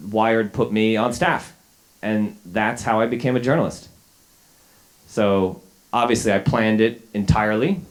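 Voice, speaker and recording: A man in his forties, a journalist, telling a wry, self-deprecating story to a live audience, a little sick, with plenty of fillers and restarts. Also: lowish voice. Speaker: journalist giving a talk. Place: lecture hall with a live audience.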